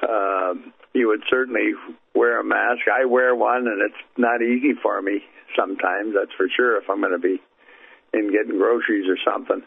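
A man from Canada, a phone-in guest on a radio show, talking in a relaxed, folksy way. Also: lowish voice, moderate pace, vocal fry, slightly rough. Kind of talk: relaxed conversational telling. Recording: tinny phone line.

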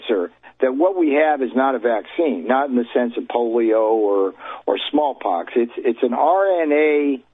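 A husky man speaks as a guest author over a thin, tinny telephone line. He tells his account emphatically and combatively, landing each point hard. The sound is dry and close. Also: mid-range voice, no echo. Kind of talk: phone-in interview.

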